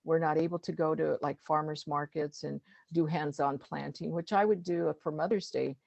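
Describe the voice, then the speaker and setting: A woman's voice: sits low, steady tone, normal speed, gravelly, darkish tone, no echo, lo-fi sound. A middle-aged woman, a guest speaker and master gardener, talking casually with many fillers and restarts. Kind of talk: casual conversational talk.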